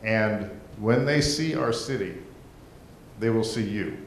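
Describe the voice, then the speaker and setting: A man gives folksy, rambling council meeting remarks as mayor. His voice sits a little low. The echoey chamber carries a faint rumble behind him. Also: slow. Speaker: mayor presenting a proclamation.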